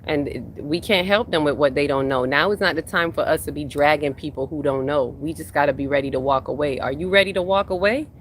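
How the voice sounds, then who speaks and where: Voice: mid-range voice, fast talker, few pauses, fairly bright tone, a little hiss or hum. A spiritual workshop host talking casually on a livestream, reading viewers' comments aloud and repeating phrases for emphasis. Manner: reads chat comments aloud and answers them.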